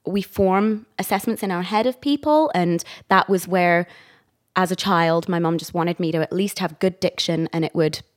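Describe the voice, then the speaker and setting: Lower-voiced, chatty woman. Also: moderate pace. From England. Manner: chatty, laughs often, rambling restarts. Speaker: guest, actor and director. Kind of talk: casual interview chat.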